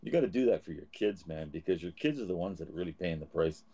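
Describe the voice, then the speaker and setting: A man's voice: sits low, lively intonation, fast talker, dark tone, slightly rough, highs cut off. A man hosting a live talk show from Canada, ranting and swearing as he gets angry. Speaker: host.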